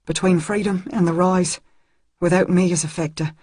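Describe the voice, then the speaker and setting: A woman's voice: lowish voice, steady tone, moderate pace, a little mellow, slightly rough, dry recording, clean studio sound. A woman voicing a tender, shaken young man in an audiobook, speaking earnestly with a trembling voice. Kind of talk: audiobook character voice.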